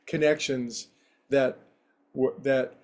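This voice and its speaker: Man, yoga teacher, casual spiritual talk, anecdotal, rambling, mid-range pitch. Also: level tone, takes it slowly, a little mellow. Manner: rambling, anecdotal, conversational with fillers.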